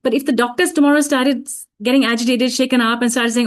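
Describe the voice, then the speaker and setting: Gentle, reflective woman with a higher voice. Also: steady tone, quick pace. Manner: frequent "you know" and restarts. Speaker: parenting talk speaker. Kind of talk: online parenting talk. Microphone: video call.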